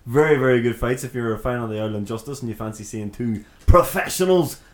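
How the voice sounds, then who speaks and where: A man's voice: mid-range voice, fast, crowd noise. Man, podcast co-host, casual and sweary, roomy sound. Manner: chatty, sweary, laughs often. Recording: roomy echo.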